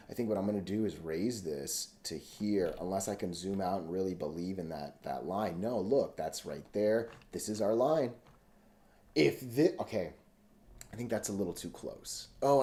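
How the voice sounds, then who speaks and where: A man's voice: fairly low pitch, animated, moderate pace, dark tone. A man hosting a casual live stream from home, rambling and thinking aloud as he reads stock charts. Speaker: stock chart analyst host. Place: home room.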